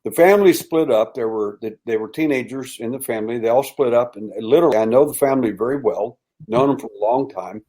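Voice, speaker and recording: An older man speaks as a podcast guest at an ordinary, middle pitch. He tells his story haltingly, full of restarts, and often sinks into a hushed, dramatic tone. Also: poor audio. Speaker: interview guest, abduction researcher.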